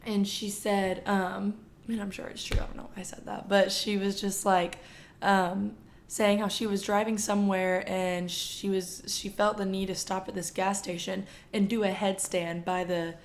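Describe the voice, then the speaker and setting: A young woman co-hosting a casual faith podcast, telling stories in a chatty, excitable way. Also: mid-range voice, normal speed. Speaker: podcast co-host. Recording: echoey room with faint noise.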